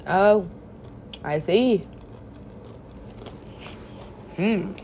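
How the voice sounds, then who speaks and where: A woman's voice: mid-range voice, very slow, warm tone, a little hiss or hum. A young woman in casual chat with friends, rambling, laughing often and swearing freely.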